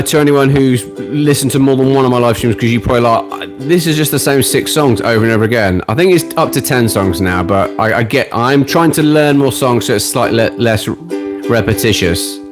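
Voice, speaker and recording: A British man in his late forties, hosting a ukulele live stream in a chatty, self-deprecating, joking way. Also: medium pitch. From Britain. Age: late 40s. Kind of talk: casual live-stream chat. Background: ukulele playing.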